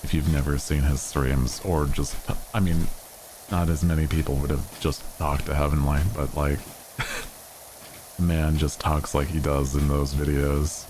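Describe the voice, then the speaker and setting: A man's voice: rumbling low, flat delivery, measured pace, darkish tone, slight background noise, poor audio. A young man streaming a game, chatting casually and rambling with fillers and restarts. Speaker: VTuber streamer. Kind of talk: casual gaming stream chat.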